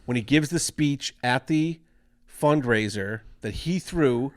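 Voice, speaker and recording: A man's voice: medium pitch, takes it slowly. A man co-hosting a podcast, chatting casually about a film, swearing freely and acting out lines. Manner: animated, profane, acts out lines in big voices. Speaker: podcast co-host. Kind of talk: casual film review chat.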